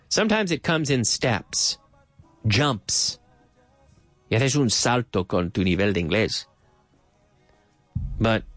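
A man hosting a casual English lesson, explaining slowly, repeating phrases and adding Spanish translations. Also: medium pitch, fairly bright tone, no room sound. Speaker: English teacher host.

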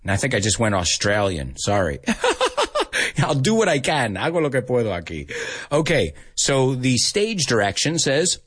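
Animated American English teacher. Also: male voice, medium pitch, normal speed, slightly rough. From United States. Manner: animated, playful, mixes in Spanish. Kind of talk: live stream English lesson.

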